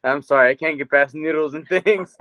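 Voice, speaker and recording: A man's voice: a little high, normal speed, fairly bright tone, no room sound. A man co-hosting a podcast in casual chat, rambling and swearing freely, often breaking into laughter. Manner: profane, rambling, laughs a lot. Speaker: podcast co-host. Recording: dry, dull lo-fi sound.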